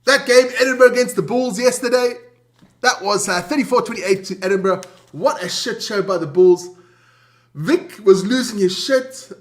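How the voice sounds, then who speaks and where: A man co-hosting a sports chat show from South Africa, loud and jokey, swearing and greeting his chat viewers. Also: sits high, moderate pace.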